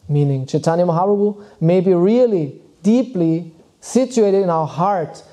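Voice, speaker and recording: A man giving a devotional lecture, reading verses and explaining them in an unhurried way with frequent pauses. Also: sits high, dark tone. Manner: unhurried, thoughtful, often pauses with "uh" and restarts words. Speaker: spiritual teacher.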